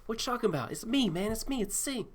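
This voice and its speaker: A man's voice: expressive, quick pace, a little hiss or hum. A man voicing a whiny young man who pleads his innocence in a raised, nervous voice. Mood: pleading. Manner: high, nervous protesting.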